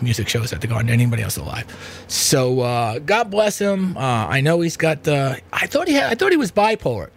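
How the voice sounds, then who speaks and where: A man's voice: medium pitch, slight background noise. Rambling chatty man with fillers. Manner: chatty, meandering, many fillers and asides. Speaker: podcast host. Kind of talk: rambling casual monologue. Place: home room with air conditioner.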